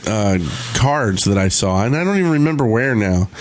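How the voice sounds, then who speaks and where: A man's voice: lowish voice, expressive, normal speed. Laid-back rambling man on a podcast. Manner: rambling, laid-back, lots of "you know". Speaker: podcast co-host. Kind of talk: casual gaming podcast chat.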